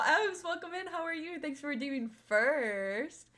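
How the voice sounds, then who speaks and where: A woman's voice: high voice, animated, moderate pace, few pauses, fairly bright tone. A young woman streamer chatting casually with her viewers, rambling and swearing now and then.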